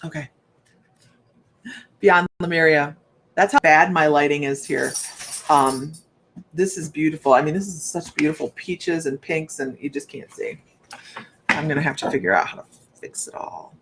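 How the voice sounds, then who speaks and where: A woman's voice: low voice, normal speed, pauses often, noisy background. A woman working as a psychic medium, giving a rambling, chatty live reading and talking straight to her viewers.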